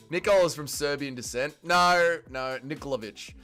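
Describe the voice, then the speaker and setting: An Australian man hosting a live fight watch-along stream, talking excitedly, swearing often and yelling at the fighters. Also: a little high, normal speed, few pauses, faint music behind. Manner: excitable, profane, yells at fighters. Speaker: livestream host.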